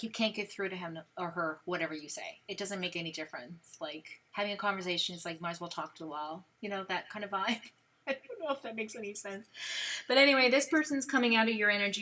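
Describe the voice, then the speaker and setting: Delivering a live-stream tarot reading, a woman with a Brooklyn accent addresses the viewer directly at a fast clip and medium pitch. She's from New York, and her manner is lively and talkative, with lots of fillers.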